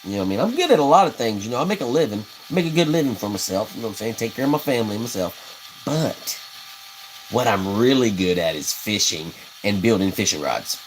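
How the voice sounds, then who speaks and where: A man's voice: on the low side, lively intonation, quick pace, slight background noise, low-quality recording. A man who hosts a livestream while he builds custom fishing rods. He talks in a rambling, folksy way, reads viewer comments and laughs at his own stories. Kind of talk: casual livestream chat, reading comments.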